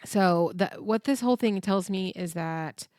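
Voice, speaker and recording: A woman's voice: medium pitch, a little slow, darkish tone, no room sound, studio quality. A woman hosting a podcast, chatting casually as she recaps a TV episode, full of "like" and acted-out quotes. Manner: chatty, filler-heavy, acts out quotes. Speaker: podcast host.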